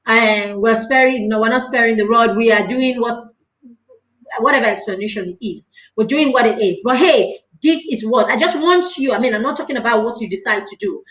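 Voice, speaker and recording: A parenting coach speaks earnestly and presses her points by repeating them. Her voice sits high and sounds bright and forceful. She is recorded in a noticeably echoey room. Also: a little fast, muffled recording. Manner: earnest and emphatic, repeats phrases for stress. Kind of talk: live parenting talk.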